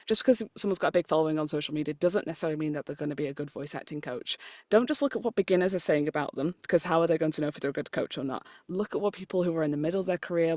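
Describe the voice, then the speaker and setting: A British woman from the United Kingdom, a voice actor and coach, appears as a podcast guest, chatting casually in a low, slightly mellow voice. She is self-deprecating, laughs often, and stumbles over her lines. The remote call recording is clean and studio-like, with no room sound.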